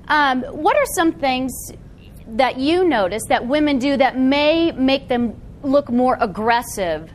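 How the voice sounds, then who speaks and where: A woman giving a live seminar talk to an audience in a meeting room, animated and often checking in with the room. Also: high-pitched, slight background noise. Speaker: workshop presenter.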